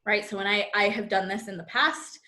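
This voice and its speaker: A woman's voice: mid-range voice, fairly even intonation, fairly quick, sharp tone. A woman coach teaching a live online masterclass over a video call, chatty and bubbly, acting out what people say to themselves. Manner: bubbly and chatty, acting out quoted inner voices. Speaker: manifestation and human design coach. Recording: roomy echo.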